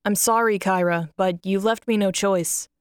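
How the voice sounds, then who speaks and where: A woman voicing a stern but caring middle-aged father in a firm, slightly lowered voice. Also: steady tone, normal speed, smooth, no echo, studio quality, close to an everyday voice.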